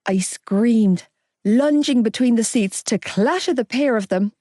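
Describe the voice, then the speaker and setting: A woman narrating a romance audiobook in the first person, expressive and unhurried. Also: medium pitch, no echo, studio quality.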